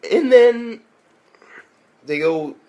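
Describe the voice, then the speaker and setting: A man's voice: extremely high pitch, expressive, very slow, mellow, muffled recording. Man ranting profanely about an anime episode. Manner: profane, incredulous, laughs while retelling. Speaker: anime reviewer. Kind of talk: casual episode recap.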